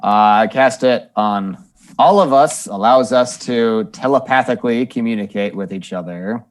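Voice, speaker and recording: A man playing a tabletop game, calmly describing the spell he casts. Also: mid-range voice, moderate pace. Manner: matter-of-fact, describing his actions. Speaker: player.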